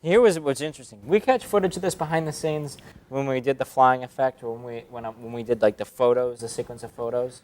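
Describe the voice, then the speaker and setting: A man's voice: mid-range voice, fast talker, darkish tone. A young man chatting casually about making a short film, rambling and laughing at himself. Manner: rambling, laughing, self-mocking. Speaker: actor in a student short. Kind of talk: casual behind-the-scenes chat.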